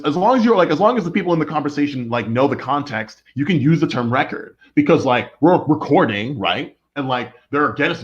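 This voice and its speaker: A young man from the United States, co-hosting a podcast in casual chat and rambling with lots of "like". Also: mid-range voice. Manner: rambling, heavy on fillers like "like". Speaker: podcast co-host. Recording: dull lo-fi recording.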